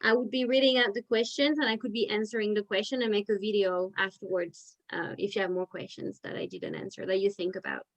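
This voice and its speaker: A woman's voice: mid-range voice, fairly even intonation, brisk, few pauses, poor audio. A woman teacher leading a parent education session over a video call, talking in a chatty, filler-heavy way. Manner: chatty, with many "like" fillers and restarts. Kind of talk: casual explanatory talk.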